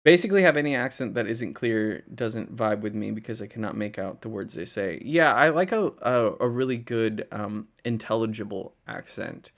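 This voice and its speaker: A man's voice: on the low side, normal speed, hardly any pauses. A young man from Indiana, rambling casually on a livestream, laughing and swearing as he reads chat. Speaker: livestream host.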